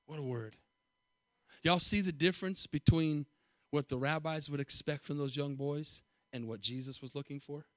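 A male pastor preaching a sermon with emphatic repetition, calling out to the congregation and swinging from hushed tones to loud declarations. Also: on the high side, normal speed, no room sound, studio quality.

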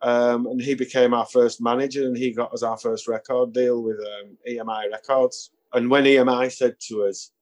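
A man's voice: mid-range voice, little pitch movement, moderate pace, few pauses, darkish tone. Male musician, anecdotal, chuckling, mimics people in his stories. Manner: anecdotal, chuckling, acts out quoted voices. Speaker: musician guest. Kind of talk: casual storytelling interview.

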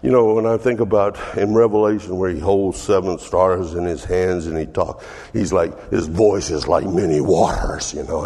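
A man's voice: deep voice, darkish tone, breathy edge, big-room sound. A man preaching as a pastor, reading scripture and reflecting on it earnestly, in a preacherly manner with restarts. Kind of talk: sermon, Bible reading and reflection.

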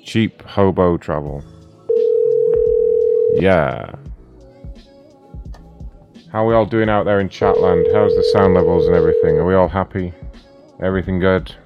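A man's voice: low-pitched, unhurried, pauses often, muffled recording, loud music behind the voice. A man hosting a live prank call show, chatting casually with his audience in a loose, profane, joking way. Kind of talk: casual live-stream chat.

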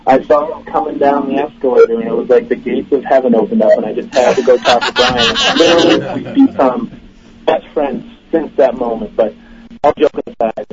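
A man's voice: medium pitch, brisk. A man calling in to a show, joking and hyping up a friend. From Boston, Massachusetts. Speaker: caller. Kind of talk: call-in chat. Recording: lo-fi call with crowd behind.

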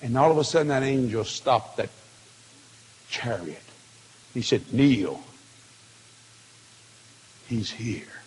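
A man preaching a testimony sermon, telling it with feeling and swinging from hushed tones to shouts. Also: medium pitch, measured pace, long pauses. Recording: long hall reverb.

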